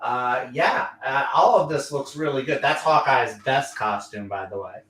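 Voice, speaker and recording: A man on a casual comics panel who gives his rating and calmly lists the points he likes. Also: mid-range voice, measured pace, a little hiss or hum. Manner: steady, listing points in order. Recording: roomy, distant mic.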